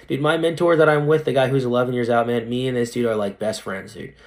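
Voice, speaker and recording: With a medium-pitched voice, this young dentist talks fairly quickly and with few pauses. He's a lively, slang-heavy podcast guest who often tosses in "right?" and addresses the listener as "dude."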